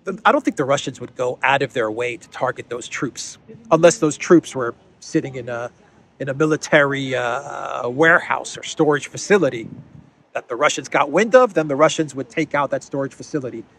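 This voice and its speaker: Man of average pitch hosting off-the-cuff political commentary, sardonic and thinking aloud. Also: a little fast, a bit bright, a little hiss or hum. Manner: conversational, repeats words while thinking, sardonic asides.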